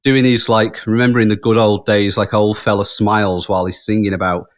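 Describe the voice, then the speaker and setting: A man's voice: lowish voice, level tone, a little fast. A man co-hosting a podcast, telling rambling stories in casual chat and laughing often. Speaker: podcast co-host.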